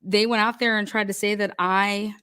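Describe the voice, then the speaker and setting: A woman's voice: medium pitch, level tone, normal speed, fairly bright tone, clear, resonant tone. Foul-mouthed woman ranting on a stream. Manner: profane, indignant storytelling with bursts of laughter. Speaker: livestream panel host. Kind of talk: live stream rant.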